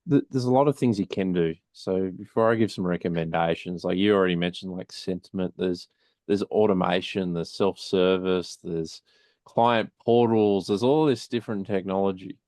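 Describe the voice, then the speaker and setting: Deep-voiced man giving measured advice. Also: a little mellow, no echo. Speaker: panelist. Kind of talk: casual panel discussion.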